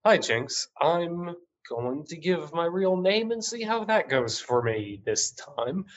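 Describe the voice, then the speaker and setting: A man's voice: fairly high pitch, lively intonation, slow, dull audio. Wry man playing a tabletop game. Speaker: player. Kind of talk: in-character tabletop play.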